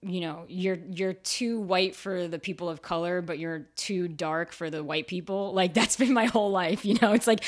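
Chatty low-voiced woman. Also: fairly even intonation, normal speed, hardly any pauses. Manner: chatty, filler-heavy with frequent "like". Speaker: actor, guest. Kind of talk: casual chat.

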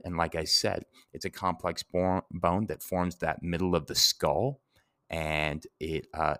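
Low-voiced guy rambling through an anatomy lesson, dry close sound. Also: fairly bright tone, no room sound. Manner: conversational, rambling with fillers and self-corrections. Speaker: anatomy and etymology instructor. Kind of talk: casual podcast lecture.

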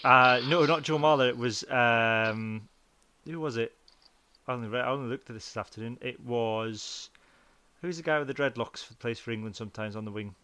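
A man's voice: mid-range voice, moderate pace, pushed and bright. Male podcast host, playful, laughs easily, runs a quiz, ordinary mid voice. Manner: playful quizmaster, laughs often. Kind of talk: casual chat.

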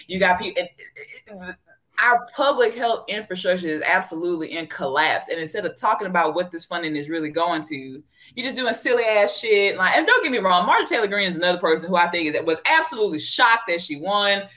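A woman's voice: on the low side, expressive, fast, fairly bright tone. A woman with a Southern US accent, a panelist and epidemiologist talking bluntly and profanely in a casual panel chat. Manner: blunt, profane, drawling and joking.

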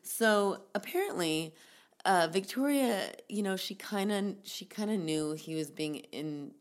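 A woman's voice: medium pitch, animated, measured pace. A woman casually recounting a story to a co-host, rambling with many fillers and restarts. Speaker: podcast co-host telling a story.

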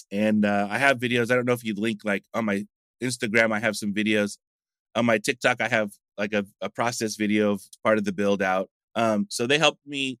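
A man's voice: fairly low pitch, fairly bright tone, smooth, no echo. A middle-aged man from the United States, a coffee shop founder telling rambling stories in a casual interview. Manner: chatty, rambling anecdotes with frequent fillers.

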